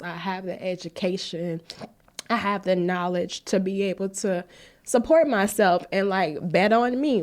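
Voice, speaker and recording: A woman in her thirties hosting a podcast, talking candidly and at length about her own path, speaking into a phone. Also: lowish voice. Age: 30s. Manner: candid, rambling, tearful at times. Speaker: podcast host. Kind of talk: emotional personal testimony on a live stream.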